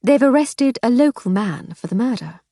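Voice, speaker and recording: A woman's voice: a little high, animated, moderate pace, mellow, dry recording, clean studio sound, pitched above the performer's own voice. A woman voicing a composed, polite aristocratic lady in an audiobook. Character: poised clever aristocratic lady.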